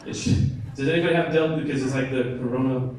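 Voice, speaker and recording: A man's voice: mid-range voice, steady tone, fast talker, background noise. An American man performing a stand-up comedy set at a bar comedy night, chatting with and teasing the crowd. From United States. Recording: echoey room, mic from a distance, crowd laughing.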